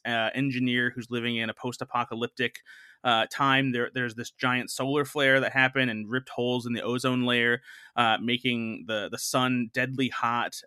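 A film editor who co-hosts a movie podcast reviews films in a medium-pitched, sharp yet clear and resonant voice. His casual talk is earnest and rambling, with plenty of fillers and restarts. The recording is dry and studio-clean.

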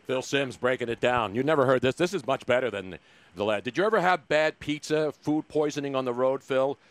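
A man's voice: mid-range voice, a little fast, dry recording. A man hosting a sports radio show, asking jokey, leading questions in casual chat.

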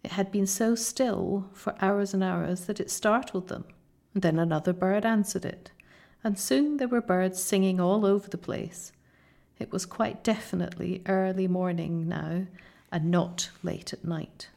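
Woman narrator reading a classic children's story, unhurried, a creaky edge, soft delivery. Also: medium pitch, fairly even intonation. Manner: slow, soft storytelling, often near a whisper. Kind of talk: audiobook reading.

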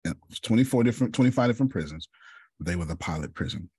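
A man giving a motivational talk to a group, telling a personal story, calling on listeners by name and often clearing his throat. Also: lowish voice, expressive, racing, warm tone, dry recording. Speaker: speaker leading a group session.

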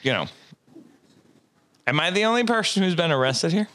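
A man co-hosting a relaxed podcast, with a bright, slightly high voice that swings widely in pitch. He talks in an animated, emphatic way and keeps cutting in with jokes. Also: moderate pace. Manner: animated, emphatic, jokey interjections. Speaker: podcast co-host. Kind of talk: casual chat.

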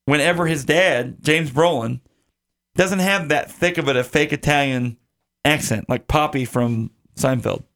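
A man's voice: fairly high pitch, measured pace, a bit bright. A male podcast host casually recapping a bad movie, rambling with lots of fillers. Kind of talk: casual movie-review chat.

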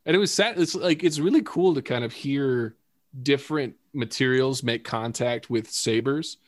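A man in casual, animated conversation about a TV episode, swearing freely and laughing often. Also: medium pitch, normal speed, dry recording, studio quality.

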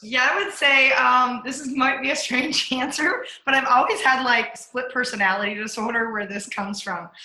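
Bright-voiced woman telling lively stories. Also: high-pitched, normal speed, hardly any pauses. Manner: animated, acts out her own inner voice. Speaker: guest, leadership coach and speaker. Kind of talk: casual interview storytelling. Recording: echoey room.

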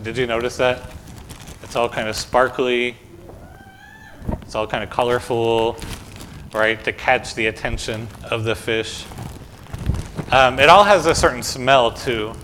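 A man's voice: medium pitch, fairly bright tone, a little hiss or hum. A man pastor reading the gospel, then giving a conversational children's sermon full of questions in a church. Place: church sanctuary.

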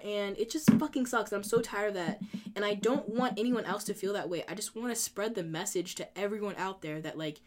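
A woman in her twenties hosting a podcast, talking candidly and emotionally in a casual monologue, filling her speech with "like" and swearing freely. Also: mid-range voice. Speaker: podcast host.

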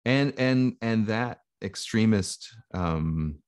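A man with a very low, deep voice talks through ideas in a loose podcast chat. He rambles, circles back and restarts his sentences as he thinks aloud. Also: expressive, slow pace, clear, resonant tone. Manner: thoughtful, rambling, frequent restarts. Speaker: podcast co-host. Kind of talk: casual chat.

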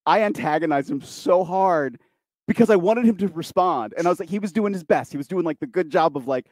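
In a dry, studio-quality recording, a man with a higher, slightly mellow voice speaks animatedly and a little fast. He's a wrestling commentator and podcast host, telling stories in a casual, rambling chat and doing voices for others in quotes.

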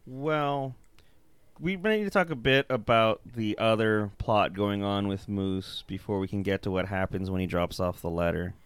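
A man rambles through a bad movie with his co-host, full of fillers, restarts and casual swearing. His voice is smooth and resonant, recorded close and dry with no room sound. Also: lowish voice, steady tone, moderate pace, no echo. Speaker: podcast co-host. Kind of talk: casual movie review chat.

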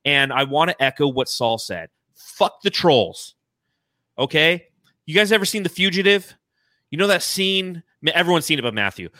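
Podcast host, male, bright forceful voice, excited and profane, dry close mic. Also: fairly high pitch, fairly quick, dry recording. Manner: excited, swears freely, reads donations aloud. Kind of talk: casual fan podcast chat.

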